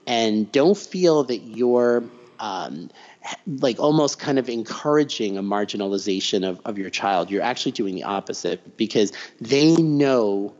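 A middle-aged man as an interview guest, telling personal stories in a lively way and acting out the voices of the people in them. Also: lowish voice, unhurried. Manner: animated storyteller acting out quoted voices. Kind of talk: conversational interview. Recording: dull, slightly lo-fi recording.

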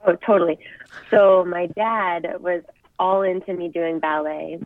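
A woman's voice: fairly low pitch, steady tone, a little slow. A young woman wrestler, chatting as an interview guest and telling stories in an upbeat way. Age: young adult. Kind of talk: casual interview chat. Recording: tinny phone-like line.

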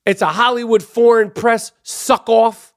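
A man's voice: extremely high pitch, steady tone, a little slow. Brash, profane man ranting. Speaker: podcast host. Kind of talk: profane podcast rant.

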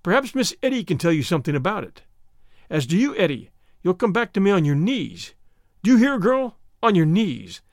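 A man's voice: high-pitched, big pitch swings, fairly quick, gravelly, no room sound, studio quality, heavily acted. A man voicing a swaggering menacing young rival. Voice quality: curt, savage.

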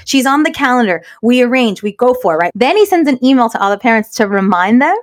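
A woman co-hosting a podcast, telling a story in an animated, emphatic way. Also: on the high side, fast, hardly any pauses. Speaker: podcast co-host. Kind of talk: casual storytelling chat.

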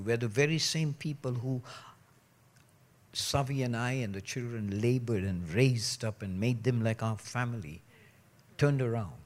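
A man preaching a sermon, joking and mimicking people, then dropping to a low, earnest tone. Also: a little mellow. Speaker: pastor.

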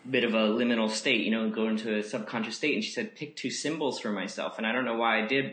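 A man speaking as a podcast guest on yoga, in a gentle, musing way, full of "you know" fillers. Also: mid-range voice, echoey room. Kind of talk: reflective casual conversation.

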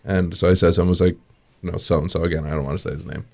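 A man's voice: sits low, fairly even intonation, racing, vocal fry, darkish tone. A man, a guest telling his own story in casual talk, chuckling often and full of fillers. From New York area.

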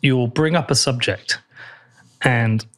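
A man's voice: mid-range voice, slow pace, fairly bright tone. A man in his forties hosting a casual podcast interview, chatty and joking, with the odd swear word. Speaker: podcast host.

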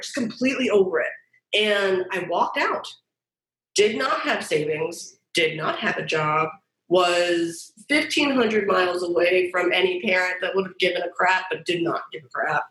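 Animated, profane woman in a roomy space. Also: on the low side, normal speed. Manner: animated, profane, acts out quoted voices. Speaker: guest designer. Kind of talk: candid storytelling interview. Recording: roomy echo.

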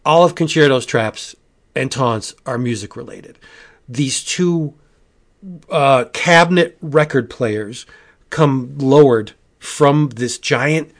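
Podcast host, male, mid-pitched, rambling and animated, full of asides. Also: slow. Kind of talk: casual comic book review.

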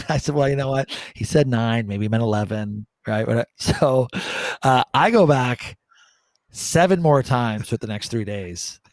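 A man's voice: mid-range voice, measured pace, dry recording. Joking man spinning a story. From Bermuda. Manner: animated, joking, swears for laughs. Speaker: podcast co-host. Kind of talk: casual storytelling chat.

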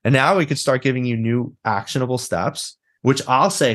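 A man's voice: mid-range voice, moderate pace, a bit bright. A man talking bluntly and animatedly as a guest in a casual interview, swearing freely. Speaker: guest, therapist and mindset coach.

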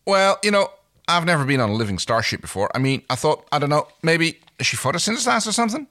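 A man's voice: medium pitch, sing-song, sharp tone, dry recording, studio quality. A man voicing an exasperated young male astronaut who fires back sarcastic, incredulous replies. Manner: incredulous, defensive, quick comebacks.

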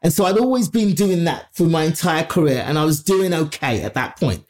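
A woman from Nigeria, a comedian, telling an anecdote in an interview with animated, profane delivery. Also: low voice, brisk. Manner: animated, profane, acts out other people's voices. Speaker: comedian guest.

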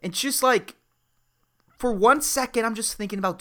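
A man's voice: sits high, big pitch swings, a little slow, pushed and bright. A man hosting a solo podcast, ranting in a profane, rambling way with lots of fillers. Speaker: podcast host. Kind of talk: solo comedic podcast rant.

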